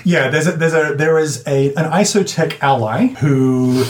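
A man narrating a tabletop game as game master, halting and descriptive. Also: on the high side, a little mellow. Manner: descriptive, halting, many restarts.

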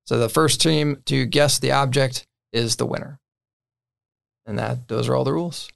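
A man's voice: mid-range voice, normal speed, vocal fry. A man casually explaining the rules of a board game to friends, with many fillers and short laughs. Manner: relaxed, filler-heavy, laughs between points.

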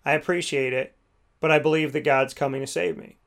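A man's voice: fairly high pitch, steady tone, a little fast, a bit bright, lightly acted. A man doing a stubborn drowning man.

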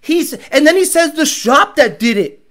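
A man's voice: extremely high pitch, lively intonation, a little slow, fairly bright tone. A man who owns a car tuning shop, ranting bluntly and with profanity while hosting a live show. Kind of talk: casual ranting livestream.

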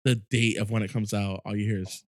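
A man co-hosting a podcast in casual chat, telling stories in animated, excited bursts. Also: on the low side, brisk, no echo, clean studio sound. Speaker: podcast co-host.

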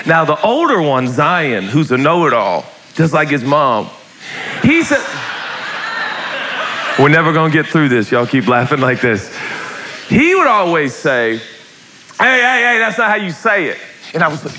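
A man preaching a lively sermon in a church, joking, shouting and acting out voices as he talks. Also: a little high, normal speed, a little hiss or hum. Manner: animated, joking, shouts and acts out quotes. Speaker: pastor. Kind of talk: lively sermon to a live congregation. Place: church hall.

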